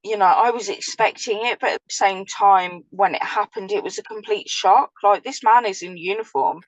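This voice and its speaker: A woman's voice: mid-range voice, moderate pace, no echo, muffled recording. An English woman, a former prisoner, telling her story in casual chat, blunt and vivid, swearing freely. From England.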